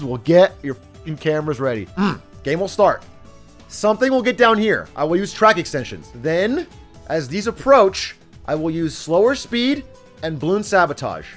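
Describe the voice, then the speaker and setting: A man livestreaming a game and commenting as he plays. He is excitable, swears a lot and laughs often. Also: fairly high pitch, moderate pace, soft background music. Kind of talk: live gaming commentary.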